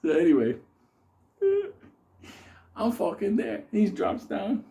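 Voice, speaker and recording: Man, casual profane storyteller, laughs often, lively swooping voice, dark mellow tone. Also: high-pitched, takes it slowly, gravelly. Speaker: host.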